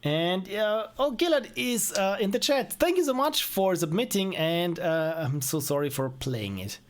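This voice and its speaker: This is casual live-stream commentary from a young man who streams and reviews small indie games. His voice is high-pitched and expressive, and he takes his time, chatting in a rambling, self-mocking way and chuckling often.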